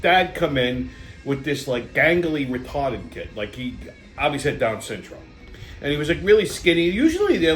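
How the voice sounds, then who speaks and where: A middle-aged man, hosting a show and telling a rambling, blunt story full of swearing and fillers. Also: mid-range voice. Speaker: show host. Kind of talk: casual rambling monologue.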